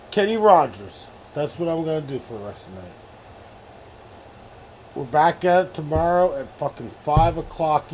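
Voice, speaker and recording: A man's voice: fairly high pitch, darkish tone, a little hiss or hum. Profane rambling streamer guy. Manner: profane, rambling, hyped praise with mock-sports talk. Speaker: streamer host. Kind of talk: casual live-stream chat.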